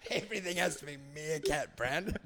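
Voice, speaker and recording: A man's voice: fairly high pitch, moderate pace, crowd noise. A man, a comedian riffing in casual podcast chat, rambling and sweary. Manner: rambling, sweary, mock voices for imagined people. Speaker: podcast guest.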